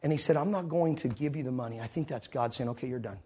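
A man preaching a sermon, telling a story and swinging between loud moments and hushed ones. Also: mid-range voice, fast talker.

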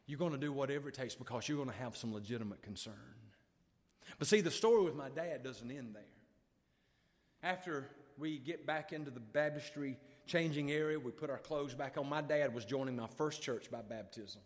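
A man's voice: mid-range voice, moderate pace. Male evangelist, emotional storyteller, big dynamic swings, reverberant church. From Alabama. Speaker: revival preacher. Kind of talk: revival sermon storytelling. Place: church sanctuary.

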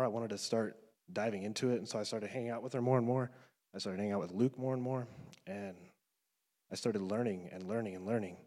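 A young man in his twenties tells his faith testimony in an earnest, emotional way, often leaning on casual fillers. His voice sits a little low, and it rings out with the long reverb of a large hall. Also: a little mellow. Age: 20s. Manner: earnest, emotional, loose with fillers like "you know". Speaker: student giving a faith testimony. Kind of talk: personal testimony talk.

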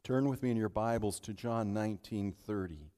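A male pastor preaching a sermon in a church, dropping to near-whispers at times and building to loud, triumphant declarations. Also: fairly low pitch, moderate pace. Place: church sanctuary.

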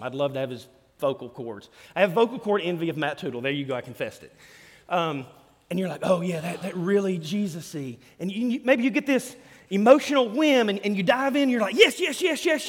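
Animated man preaching in a reverberant hall. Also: sits high. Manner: animated, swings between loud and hushed. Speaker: pastor. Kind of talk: sermon. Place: church hall.

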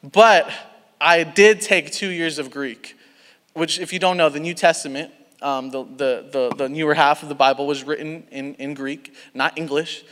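High-voiced young man preaching, lively. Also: normal speed, long reverb tail. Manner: animated storytelling with many restarts and asides. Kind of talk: sermon.

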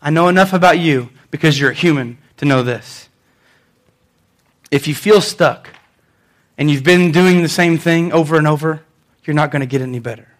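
A man preaching a sermon, reading scripture aloud and swinging between loud emphatic lines and quiet ones, often repeating phrases for emphasis. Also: fairly high pitch, normal speed, long pauses. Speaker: pastor.

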